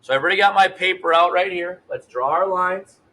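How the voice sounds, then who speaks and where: Guy teacher doing a math video for his class, chill and chatty, kinda high voice. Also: fairly quick, sharp tone. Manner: casual, upbeat, talks straight to the students. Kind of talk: recorded math lesson for students.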